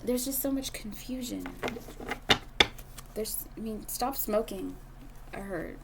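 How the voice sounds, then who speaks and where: A woman's voice: on the high side, takes it slowly, gravelly, very noisy. A young adult woman doing a casual tarot reading, speaking bluntly and swearing freely as she talks to the viewer. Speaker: tarot reader.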